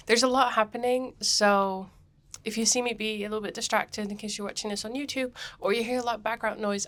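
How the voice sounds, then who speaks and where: A woman with a cold talks through her podcast in a loose, rambling way, full of ums and restarts. Her voice sits at an ordinary middle pitch for a woman. She records on board a cruise ship. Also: fairly bright tone. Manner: chatty and rambling, many ums. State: has a cold. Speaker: podcast host. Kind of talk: casual podcast monologue.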